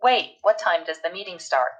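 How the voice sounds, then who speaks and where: A woman teaching a recorded English grammar lesson, explaining step by step and reading examples aloud slowly. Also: on the low side, lively intonation, poor audio.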